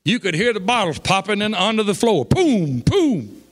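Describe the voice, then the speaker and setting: A man preaching, telling a folksy story that builds to shouts of praise. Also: sits high, very animated, normal speed. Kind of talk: sermon storytelling. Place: church.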